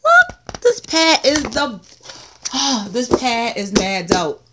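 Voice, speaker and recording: A woman hosting a casual haul vlog about craft supplies, excitable and full of playful exclamations and asides, recorded on a close mic at a table. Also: fairly high pitch, slow, very noisy.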